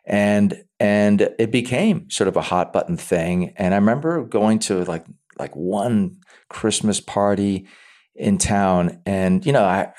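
A man being interviewed about his acting work, talking in a halting way and often repeating words as he thinks aloud. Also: on the low side, a little mellow. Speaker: actor, interview guest. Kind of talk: casual interview talk.

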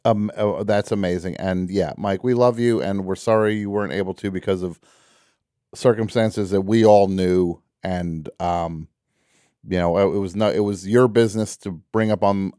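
A man with a low, warm voice hosts a call-in radio show at a moderate pace, rambling casually with frequent fillers and false starts. The recording is studio quality with no echo.

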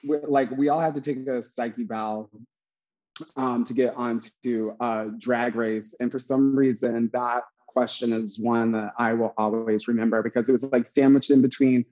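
A man's voice: mid-range voice, fairly even intonation, normal speed, mellow, low-quality recording. A man hosting a podcast as a drag performer, telling stories in chatty, casual talk and laughing often. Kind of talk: casual chat recapping a TV show.

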